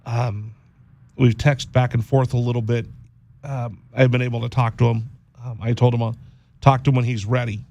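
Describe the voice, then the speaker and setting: A man hosting a radio show, speaking in a halting, heartfelt monologue, often repeating words and close to tears. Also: medium pitch, flat delivery, creaky, darkish tone. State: teary-eyed. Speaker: radio host.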